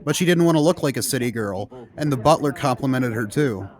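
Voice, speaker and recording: A man's voice: mid-range voice, brisk, a little hiss or hum. A man casually commenting and joking with a friend while watching an old sitcom on stream. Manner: laughing, joking, excitable.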